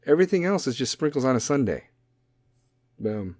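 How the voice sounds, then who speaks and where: A man's voice: mid-range voice, big pitch swings, brisk, a little mellow, no room sound, clean studio sound. Profane, blunt young man ranting. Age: young adult. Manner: goes off on tangents. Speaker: podcast host. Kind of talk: ranting monologue.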